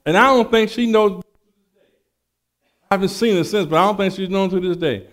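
Animated male preacher telling a story. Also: high voice, moderate pace. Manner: animated storyteller, acts out dialogue, stammers on restarts. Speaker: preacher giving testimony. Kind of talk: sermon with personal story.

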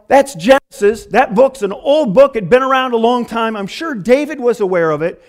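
High-voiced, folksy preacher man. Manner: casual, folksy, animated, with lots of "man" and "you know". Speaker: pastor. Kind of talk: conversational sermon.

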